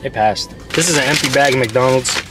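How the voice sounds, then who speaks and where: A young man chatting casually on his and his fiancée's vlog, relaxed and easygoing, with "like" fillers. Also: mid-range voice, fairly quick, over loud music. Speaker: vlogger.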